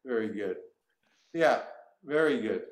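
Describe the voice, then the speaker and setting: A man from the United States, chatting as a comedian guest on a podcast. He tends to repeat short phrases. His voice sits at a middling pitch and rings in a roomy, echoey space. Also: lively intonation, measured pace. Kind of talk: casual interview chat.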